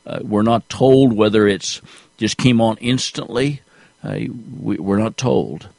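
Slow, low-voiced male preacher. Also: gravelly, darkish tone, dry recording. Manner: slow, deliberate preaching with rising emphasis. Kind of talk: sermon.

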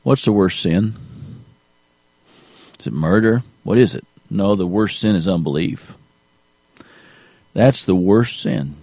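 A man preaching a sermon in a slow, deliberate way, rising to emphasis at key points. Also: fairly low pitch, expressive, gravelly, darkish tone, breathy edge, dry recording.

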